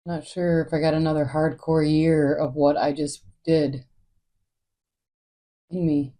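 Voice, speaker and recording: A woman's voice: deep voice, little pitch movement, measured pace, warm tone. A woman hosting her own podcast, talking alone in a candid, rambling way and swearing freely. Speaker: podcast host. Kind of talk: casual solo monologue.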